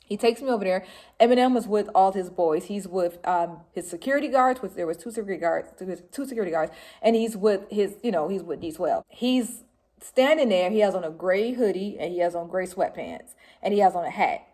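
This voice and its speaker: Woman, forties, from Detroit, casual vlog storytelling, animated, laughing. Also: medium pitch, a little fast. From Detroit, Michigan, US. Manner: animated, laughing, shrieks when reliving excitement. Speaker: vlogger telling a personal story. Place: home room with laundry behind.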